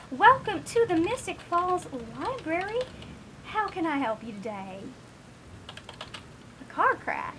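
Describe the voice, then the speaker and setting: A fussy, flustered vampire librarian, as a woman puts her on, polite and apologetic in an affected accent. Her voice sits high and bright, with a genteel, fluttery delivery. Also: slight background noise, exaggerated voice, poor audio.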